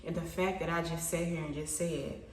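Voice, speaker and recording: Low-voiced woman musing aloud in a roomy space. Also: steady tone, normal speed, distant mic, slight background noise. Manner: rambling, thinking aloud, self-questioning; self-conscious, stumbles and repeats words. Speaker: vlogger. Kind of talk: casual reflective monologue to camera. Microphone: camera.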